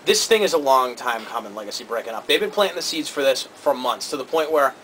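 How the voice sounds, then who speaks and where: Fast-talking bright-voiced man. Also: mid-range voice, slight background noise, low-quality recording. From Cambridge area. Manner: opinionated, quick and animated. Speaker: co-host. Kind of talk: casual wrestling talk show chat.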